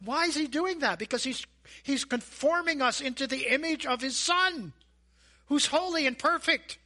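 A man preaching a sermon as a pastor, animated and asking the congregation questions. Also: extremely high pitch, moderate pace. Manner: animated, acts out voices and asides; asks the audience questions.

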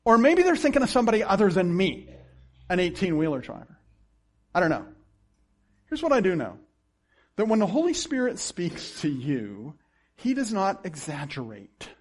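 A man's voice: sits high, normal speed, long pauses. A pastor preaching a sermon, acting out the people he quotes and laughing now and then. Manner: animated preaching with acted-out quotes and chuckles.

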